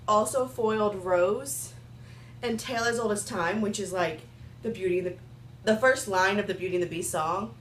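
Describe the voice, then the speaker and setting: This young woman, a beauty vlogger, has the hiccups as she chats her way through a casual makeup review, rambling and leaning heavily on "like" and "um." Her voice is medium in pitch and fairly bright, set in an echoey room with slight hiss or hum.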